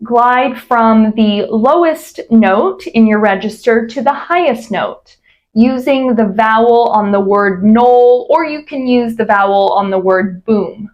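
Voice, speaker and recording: A woman coaching vocal exercises, explaining clearly and demonstrating glides. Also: a little high, muffled recording. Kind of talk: instructional voice exercise lesson.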